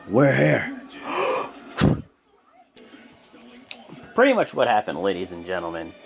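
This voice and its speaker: A young man giving a rambling, casual video recap of a wrestling show at home, full of fillers. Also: mid-range voice. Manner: rambling, animated, lots of fillers. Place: home room with a TV.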